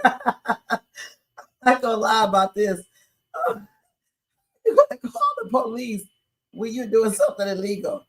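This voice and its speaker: A woman's voice: on the high side, sing-song, moderate pace, long pauses. A woman hosting a livestream and reacting to viral videos in casual, slangy, profane chat, laughing often. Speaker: livestream host. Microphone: streaming setup.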